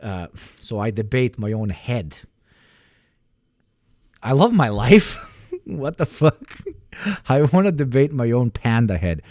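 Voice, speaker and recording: A man's voice: mid-range voice, sing-song, measured pace, dark tone, no room sound, clean studio sound. A young man streaming reactions, rambling and joking, swearing freely as he tries out silly accents.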